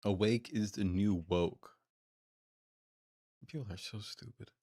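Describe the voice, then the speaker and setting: A man's voice: fairly low pitch, slow pace, mellow, no echo, clean studio sound. A man streaming live, reacting to a clip with exasperated, mocking, profane commentary.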